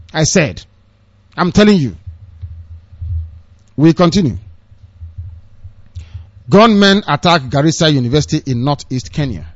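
Nigerian-accented male commentator, fairly high voice, scornful and fiery, dull lo-fi recording. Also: animated, unhurried, pauses often, no room sound. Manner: impassioned, scornful, sarcastic asides. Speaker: political commentator. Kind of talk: ranting news commentary.

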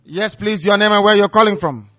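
A man's voice: high voice, brisk, sharp tone, no room sound. A man hosting a call-in radio show, scolding callers and repeating his questions. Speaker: radio show host taking calls. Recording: muffled lo-fi radio audio.

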